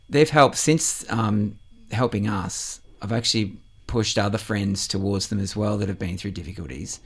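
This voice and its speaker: A man's voice: lowish voice, vocal fry, slightly rough. A middle-aged man, a musician guest in a radio interview, talking earnestly with many ums and uhs.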